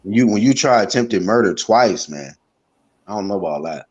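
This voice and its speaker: Low-voiced man, heated and profane. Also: expressive, normal speed. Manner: blunt, heated, profane critique. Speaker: boxing talk show co-host. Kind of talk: casual live-stream chat.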